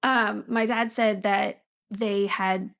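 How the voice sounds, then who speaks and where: Chatty woman with a gravelly edge. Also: mid-range voice, steady tone, slow pace, a bit bright. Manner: chatty, laughing, lots of fillers. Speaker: podcast co-host. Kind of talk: casual chat. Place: apartment room.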